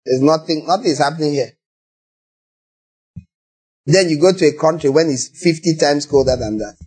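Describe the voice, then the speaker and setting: A man with a Nigerian accent preaching a sermon, animated and acting out little scenes in other voices. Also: a little high, normal speed, breathy edge.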